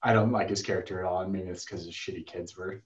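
A man's voice: sits low, steady tone, quick pace, roomy sound, dull audio. A man co-hosting a casual film review podcast, chatty and mocking film lines by acting them out.

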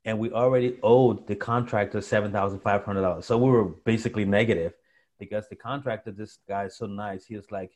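Young guy, lowish voice, guest on a chat show, tells his story animated. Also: brisk. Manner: animated storyteller, acts out quotes. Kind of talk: storytelling interview.

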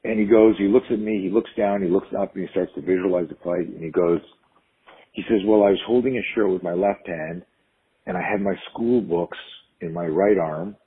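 A middle-aged man, a self-defense instructor and podcast guest, telling stories in an animated way, acting out the quotes and restarting his sentences often. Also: low voice, brisk, husky, narrow, tinny audio. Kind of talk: conversational storytelling.

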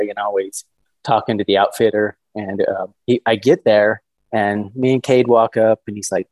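A man in his thirties telling a story as a podcast guest, eager and animated. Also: fairly low pitch, normal speed, no echo, poor audio. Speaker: guest hunter.

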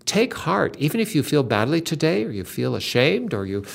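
A man's voice: on the high side, big pitch swings, moderate pace, gravelly. An older man hosting a Christian talk, earnestly retelling a story with dramatic emphasis. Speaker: Christian podcast host.

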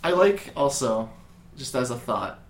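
A man co-hosting a podcast in casual comedic chat, rambling and profane, breaking into shouted bits. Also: medium pitch, big pitch swings, a little slow, a little hiss or hum. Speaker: podcast co-host. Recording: echoey room.

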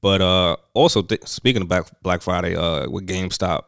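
A man's voice: sits low, moderate pace, gravelly, fairly bright tone, clear, resonant tone, no echo, studio quality. A young man co-hosting a casual chat, talking in laid-back slang and acting out quotes.

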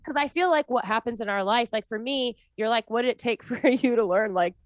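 A woman in her thirties with a smooth, resonant voice talks in a relaxed, earnest way about spiritual ideas. She rambles and breaks off sentences to start again. The sound is dry and close. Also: on the high side, brisk, no room sound. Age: 30s. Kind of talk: casual chat.

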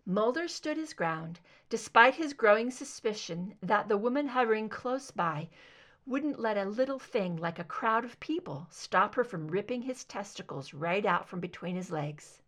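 A woman narrates a fan fiction audiobook, reading expressively. Her pitch moves with a lively, animated range. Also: normal speed. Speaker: reader.

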